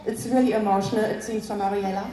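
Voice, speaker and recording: A woman introducing a guest on stage as team leader and interpreter, speaking haltingly with many fillers. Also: medium pitch, steady tone, far from the mic. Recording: echoey hall from afar with crowd.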